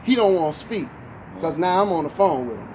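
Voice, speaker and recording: Guy ranting about his kid on a podcast, fairly high voice, cussing a lot, noisy hum behind. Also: animated, fairly quick, darkish tone. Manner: profane, heated, quotes people with voices. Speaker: podcast co-host. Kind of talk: casual storytelling chat.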